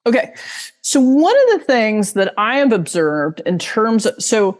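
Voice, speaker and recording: A woman's voice: fairly high pitch, very animated, a little slow, long reverb tail. A woman giving a casual online talk as a guest expert, chatty and full of fillers, now and then acting out inner voices. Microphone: video call mic.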